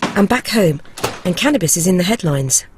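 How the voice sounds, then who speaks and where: A woman narrates a documentary with a lively, swooping voice, telling her own experiences in a candid first-person way. A clear music bed runs beneath her words. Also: lowish voice, normal speed. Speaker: documentary presenter.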